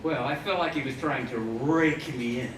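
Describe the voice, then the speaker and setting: At a moderate pace and in a mid-range voice, a man performs a stage magician's comic patter, telling a story packed with wry puns and playing to the audience. The live theater setting gives an echoey, distant-mic sound with audience noise.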